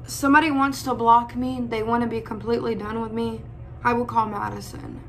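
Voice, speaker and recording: A young woman speaking in an emotional personal vlog, close to tears, pausing often and calling her viewers y'all. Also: a little high, level tone, fairly bright tone, slight background noise. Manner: tearful, holding back crying, pausing often. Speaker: vlogger.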